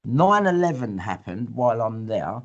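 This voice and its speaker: A man's voice: medium pitch, big pitch swings, normal speed. Blunt man, muffled lo-fi audio. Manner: rambling and blunt, swears often, acts out quoted speech. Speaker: guest. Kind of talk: casual storytelling.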